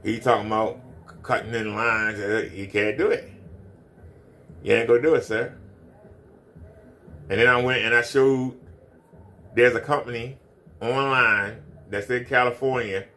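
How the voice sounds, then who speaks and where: Guy ranting on his stream, mocking, keeps repeating himself, aave, mid-pitched voice. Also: steady tone, measured pace, long pauses, pushed and bright. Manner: repetitive, mocking. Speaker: commentary streamer. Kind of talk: ranting commentary.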